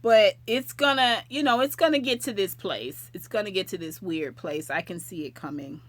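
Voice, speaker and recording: A woman's voice: mid-range voice, moderate pace, fairly bright tone. A woman hosting a late-night livestream, chatting casually and affectionately with viewers and rambling from topic to topic. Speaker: livestream host.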